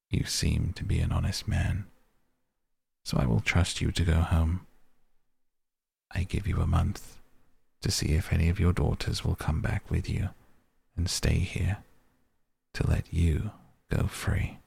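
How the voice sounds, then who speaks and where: A man voicing a grim, gravelly beast. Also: deep voice, a little mellow, exaggerated voice. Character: angry monstrous male beast, stern and grim.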